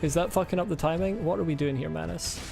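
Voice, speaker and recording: A man's voice: on the high side, quick pace, gravelly, over music. A man commenting on his own gameplay during a live stream, muttering to himself, humming and swearing under his breath. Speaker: game streamer.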